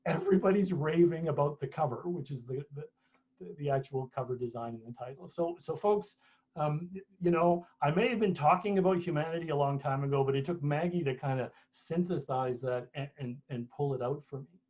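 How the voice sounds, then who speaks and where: A husky, somewhat high-voiced man spins an anecdote in a loose, chatty way, often restarting his sentences. The sound is dull and lo-fi, like an online talk. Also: a little fast, darkish tone. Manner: chatty storyteller, many restarts. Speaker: author and speaker. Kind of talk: conversational talk at a book launch.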